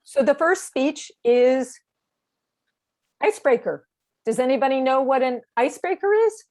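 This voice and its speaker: A woman's voice: high-pitched, animated, a little slow, darkish tone. A woman directing a speech training course over a video call, explaining assignments in an encouraging, step-by-step way. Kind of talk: online training session.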